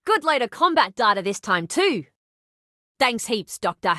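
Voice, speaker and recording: A perky young game character delivers short lines in a high, bright, chirpy voice. Every syllable shifts in tone and emphasis, and each word is carefully enunciated. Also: female voice, very animated, unhurried, exaggerated voice. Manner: varied, carefully enunciated intonation. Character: perky young woman with an attempted Australian accent.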